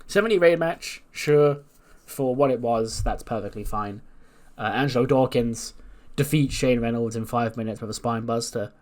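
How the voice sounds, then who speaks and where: A man talking through a wrestling management game in a casual, chatty way. He corrects himself as he goes, with a voice of middling pitch. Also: normal speed, darkish tone. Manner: chatty, laughing asides, self-correcting. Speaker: game channel host. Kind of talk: casual narration of a wrestling sim playthrough.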